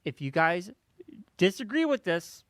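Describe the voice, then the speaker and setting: Podcast host guy, bit high voice, loose and hesitant, lively up and down. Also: measured pace, no echo, studio quality. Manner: loose and hesitant, many ums, steers the show. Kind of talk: casual chat.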